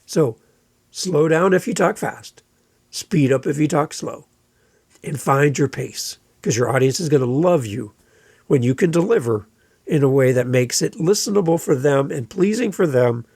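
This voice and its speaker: A man hosting a solo podcast, giving energetic, playful advice and sometimes mimicking listeners in silly voices. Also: on the high side, normal speed, husky, no room sound, clean studio sound. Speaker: podcast host.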